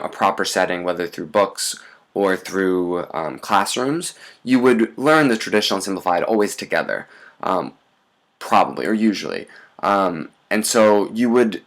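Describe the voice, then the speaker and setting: A man's voice: lowish voice, a bit bright. A man teaching in a recorded lesson, explaining step by step and often checking in with "right?". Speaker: language teacher.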